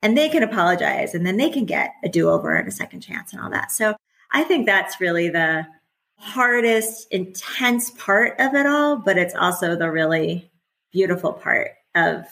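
A woman's voice: lowish voice, sing-song, normal speed, fairly bright tone, rough recording. Candid, chatty woman in her forties. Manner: candid and chatty, often laughing, with many restarts. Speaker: podcast guest, former teacher and parent. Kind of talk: casual conversational interview.

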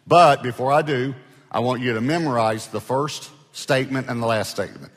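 A man's voice: mid-range voice, moderate pace. A male pastor preaching a sermon in a conversational way, prompting the congregation to answer him. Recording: long hall reverb.

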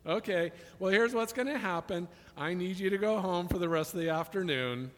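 Calm matter-of-fact male cop, as a preacher acts him out, bright voice. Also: sits high, normal speed. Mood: firm. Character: calm, firm male police officer. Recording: long reverb of a large hall.

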